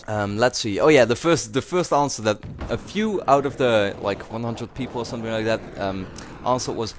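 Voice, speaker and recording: A man's voice: mid-range voice, normal speed, hardly any pauses, a little hiss or hum. A young man from the Netherlands with a Dutch accent, rambling casually to his viewers with many fillers and restarts. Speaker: YouTuber.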